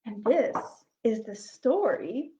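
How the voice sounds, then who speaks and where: A woman reading fairy tales aloud at children's story time, slow and animated, dropping to soft whispers. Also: fairly high pitch, slight background noise. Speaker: children's librarian. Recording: dull lo-fi recording.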